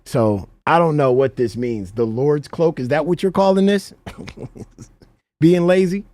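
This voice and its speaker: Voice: mid-range voice, unhurried, warm tone, no echo. A reaction stream host giving casual, mocking commentary and laughing often.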